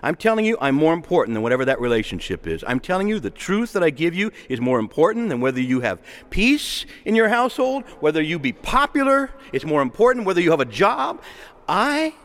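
Man preaching in a church, chatty and animated, kinda high, tons of hall reverb. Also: fairly quick. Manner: conversational, animated, acts out quoted voices. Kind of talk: sermon. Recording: long reverb of a large hall.

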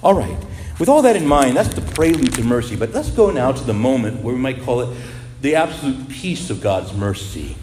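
A man preaching a sermon as a priest, animated and asking his congregation rhetorical questions. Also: mid-range voice, echoey room, big-room sound, a little hiss or hum.

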